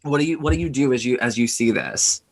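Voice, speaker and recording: A woman's voice: rumbling low, fast, creaky. Rambling woman narrating a tabletop game. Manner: rambling, many restarts and fillers. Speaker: game master.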